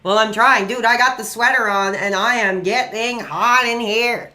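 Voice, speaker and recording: High, bright-voiced male streamer. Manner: chatty, excitable, quick to flare up. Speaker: livestream host taking calls. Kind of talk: casual call-in chat.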